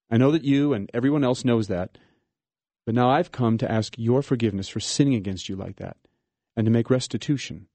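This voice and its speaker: A man's voice: mid-range voice, warm tone, no room sound, close to an everyday voice. A man voicing a repentant tax collector in a dramatic reading, speaking earnestly and apologetically.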